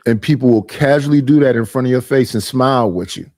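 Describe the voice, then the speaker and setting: A man's voice: medium pitch, fast, darkish tone, dry recording, clean studio sound. Aggrieved middle-aged man ranting on stream. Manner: aggrieved, repetitive, mimics others in quoted voices. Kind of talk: casual livestream rant.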